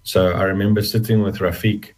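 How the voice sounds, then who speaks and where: Deep husky guy telling his own story in an interview, stops and restarts a lot, choked up. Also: flat delivery, rough recording. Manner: halting, reflective, with many restarts. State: emotional, close to tears. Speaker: interview guest. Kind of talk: personal testimony in an interview.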